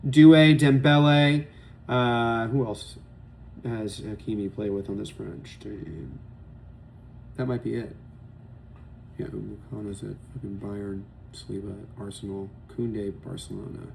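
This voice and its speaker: A man's voice: lowish voice, fairly even intonation, unhurried, creaky, darkish tone, a little hiss or hum. A young man giving loose, opinionated solo commentary on football matches, rambling and swearing often. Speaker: sports podcast host. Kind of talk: casual solo sports commentary.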